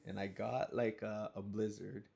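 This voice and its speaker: A man casually telling a personal story, animated, with slang and sudden high-pitched acted outbursts. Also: unhurried, creaky, slight background noise. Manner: animated, acts out scenes with sudden high yelps and sound effects; relaxed slang-laced talk.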